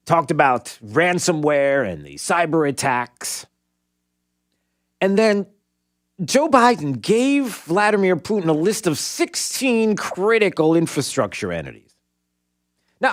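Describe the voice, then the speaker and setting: A male radio talk show host commenting with sarcasm and rhetorical questions in a conversational way. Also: high-pitched.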